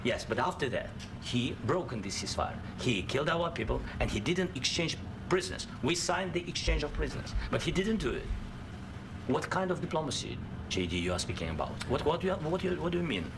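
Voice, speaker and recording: A man's voice: on the high side, lively intonation, a little fast. Non-native English man, insistent, noisy broadcast. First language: not English. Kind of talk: heated political debate.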